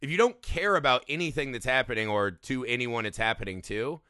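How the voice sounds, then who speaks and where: A man in casual chat about a movie, animated, swearing freely and acting out quotes with laughs. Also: medium pitch, a little fast, clean tone, dry recording, studio quality. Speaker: movie podcast co-host.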